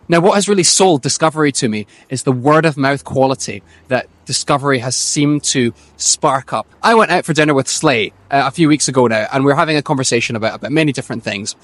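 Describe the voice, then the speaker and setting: Fast-talking enthusiastic man, tinny outdoor audio. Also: on the high side, fairly bright tone, dry recording. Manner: chatty, enthusiastic, quick-talking. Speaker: book channel host. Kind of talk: casual book talk to camera.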